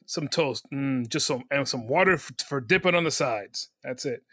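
A man's voice: mid-range voice, animated, moderate pace, bright, forceful tone, slightly rough, dry recording, clean studio sound. A man from the United States co-hosting a podcast, joking casually about a movie and often restarting his sentences. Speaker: podcast co-host.

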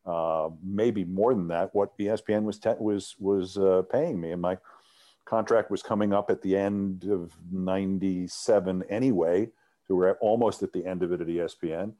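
A middle-aged man tells an interview story in a fairly low, mellow voice. He talks in an animated way and often stumbles and restarts as he goes. He is a former sports TV host sitting as a guest. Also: normal speed. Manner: animated anecdote teller with frequent restarts.

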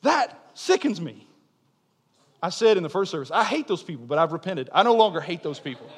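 A young male pastor with a high voice preaches in a church sanctuary. He swings from soaring, insistent proclamations down to hushed, almost offhand remarks. A long reverb trails each phrase through the hall. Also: big pitch swings, fairly quick, slightly rough. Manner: impassioned, swings from loud declarations to quiet asides. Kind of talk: sermon.

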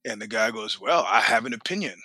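A middle-aged man telling stories as a podcast guest, animated and profane, laughing often and acting out what people said. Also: fairly low pitch, brisk, no room sound. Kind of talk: storytelling in a casual interview.

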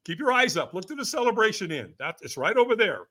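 Speaking fast in a high, lively voice, a middle-aged personal development coach tells an animated story as a podcast guest. He acts out the quoted voices and drops in "right?" again and again.

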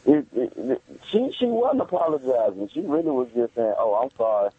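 A man's voice: a little high, big pitch swings, normal speed, slightly rough, no echo. A man calling in to a podcast by phone, laid-back and talking casually, with some stammering. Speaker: caller. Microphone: telephone. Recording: tinny phone line.

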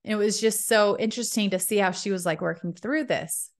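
A woman in her thirties hosting a podcast, telling a personal story in a chatty, expressive way with many likes. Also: mid-range voice, a little fast. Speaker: podcast host.

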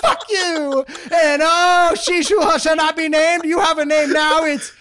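A man playing a vengeful, profane online tough guy in a comedic rant, swearing and shouting threats. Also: extremely high pitch, measured pace, heavily acted. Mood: furious.

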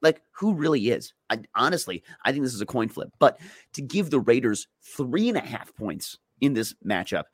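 A man's voice: mid-range voice, very animated, moderate pace, dry recording. A man co-hosting a sports betting show, giving his picks in a chatty, self-deprecating way. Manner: chatty, self-deprecating, repeats words while thinking. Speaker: sports betting podcast co-host. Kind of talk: casual betting picks chat.

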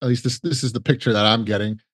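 A man's voice: mid-range voice, steady tone, rapid-fire, no echo. A man as a podcast guest, chatting casually and rambling with many restarts. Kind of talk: casual conversational storytelling.

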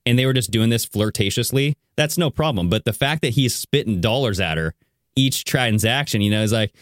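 Podcast host, male, mid pitch, animated laughing storyteller, dry close sound. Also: a little fast, no echo. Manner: animated storyteller, laughs often, says "dude". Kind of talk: casual podcast chat.

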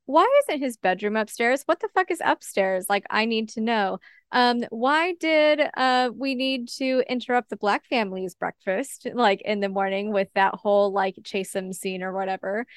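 A woman's voice: a little high, normal speed, smooth, no room sound, clean studio sound. A woman co-hosting a podcast, exasperated and swearing as she rattles off complaints about a film in casual chat. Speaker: podcast co-host.

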